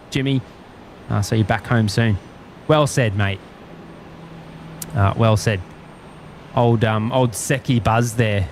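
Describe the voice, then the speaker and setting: A man's voice: lowish voice, slight background noise. An Australian man hosting a live stream, chatting casually and chuckling as he greets viewers. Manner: easygoing, rambling, chuckles often. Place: outdoors at a plane-spotting spot by an airport.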